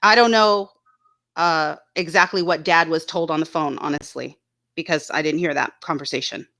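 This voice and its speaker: Bright-voiced woman in blunt casual commentary. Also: deep voice, moderate pace. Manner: blunt and indignant, swears freely. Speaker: YouTube channel host. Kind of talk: casual commentary reading viewer chat.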